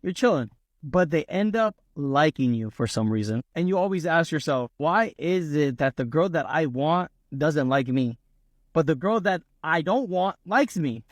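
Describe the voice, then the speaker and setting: A man's voice: a little high, animated, moderate pace, no echo. Blunt man listing dating tips. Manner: blunt, lists numbered tips. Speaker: dating advice speaker. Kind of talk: casual advice to camera.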